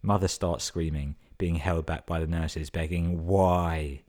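A man's voice: low-pitched, steady tone, normal speed, a little mellow. A man hosting a podcast, reading listener stories out casually, swearing a lot and laughing at the jokes. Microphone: podcast microphone.

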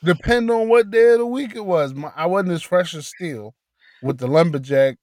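Middle-aged male podcast co-host, brash and profane, slightly raised pitch, dry mic. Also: normal speed, darkish tone, no room sound. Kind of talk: casual banter.

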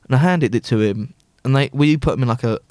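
A man's voice: medium pitch, quick pace, dry recording, studio quality. A young man, a podcast co-host, telling stories in casual chat and acting out both sides of an argument. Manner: animated storytelling, acting out both sides of a row.

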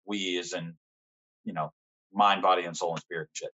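A young man as a podcast guest, frankly telling a personal story in casual conversation, swearing often and pausing with fillers. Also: low-pitched, steady tone, pushed and bright, low-quality recording.

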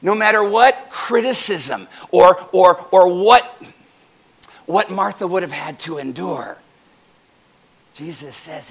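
A man pastor preaching a sermon to his congregation, animated and joking with them as he goes. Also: high voice, takes it slowly, pauses often, slightly rough.

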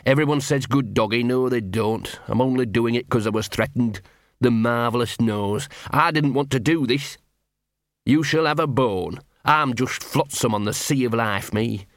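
A man's voice: medium pitch, normal speed, no echo, clean studio sound, close to an everyday voice. A man voicing a scruffy, self-pitying male street dog who mutters to himself in a storybook reading. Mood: grumbling.

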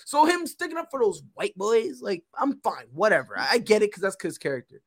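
A young man co-hosting a podcast in casual chat, an animated storyteller who acts out the dialogue. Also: high voice, brisk. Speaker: podcast co-host.

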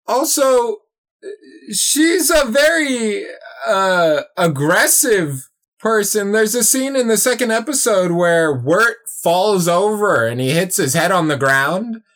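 A woman co-hosting a podcast in casual talk, unhurried and often agreeing. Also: mid-range voice, big pitch swings. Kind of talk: casual discussion.

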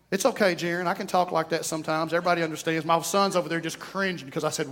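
East Texan pastor, folksy joking sermon, high-pitched male voice. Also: fairly even intonation, quick pace, few pauses, fairly bright tone. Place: church sanctuary.

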